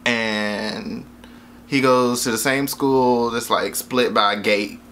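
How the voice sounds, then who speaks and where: A man's voice: medium pitch, steady tone, slow, sharp tone, slight background noise. A man casually reviewing a movie in a rambling, jokey, profane way, often losing track of names.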